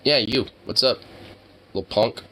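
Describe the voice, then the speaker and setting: A man's voice: mid-range voice, measured pace, bright, forceful tone, slight background noise, low-quality recording. A young man streaming live, chatting casually with his viewers in a rambling, joking way full of filler words.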